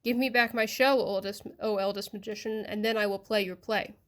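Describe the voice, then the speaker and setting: A woman's voice: mid-range voice, steady tone, brisk, lightly acted. A woman voicing an anxious, boastful male crab creature in a storybook reading, pleading and proud by turns.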